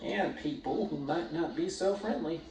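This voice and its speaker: Sugary fake-nice lady host, a guy doing her voice, pitched up high, distant echoey sound with music. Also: moderate pace, darkish tone, close to an everyday voice. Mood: falsely friendly. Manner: syrupy, falsely friendly. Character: sugary middle-aged woman host with fake smile.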